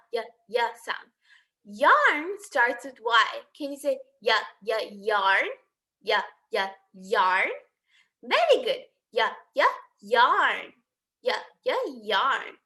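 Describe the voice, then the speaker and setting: A woman teaching a children's phonics lesson, speaking slowly and encouragingly and repeating each sound for the children to copy. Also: a little high, sharp tone.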